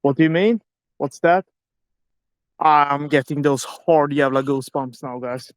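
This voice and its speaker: On a live ghost-hunting stream filmed on a handheld phone, a man swears nervously while questioning a spirit box inside an old abandoned house. His voice is a little high, clear, and resonant, unhurried, and free of echo.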